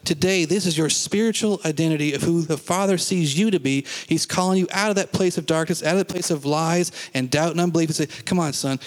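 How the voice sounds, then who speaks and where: A man preaching a sermon as pastor, talking earnestly and conversationally, then leading slow, deliberate confessions for the congregation to repeat. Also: on the high side. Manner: leads slow call-and-response confessions.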